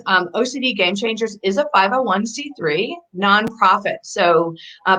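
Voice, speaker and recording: A woman hosts a live online talk, chatty and bubbly and quick to laugh. Her pitch rises and falls with a lot of life. She sounds like she is speaking from home over a video call. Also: fairly bright tone, low-quality recording. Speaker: host. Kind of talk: casual livestream talk.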